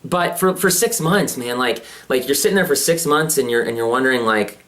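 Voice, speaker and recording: A man's voice: mid-range voice, fairly quick, a bit bright. Rambling young man telling his story. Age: 20s. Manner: rambling, many fillers and restarts. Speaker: vlogger. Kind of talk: personal confessional vlog.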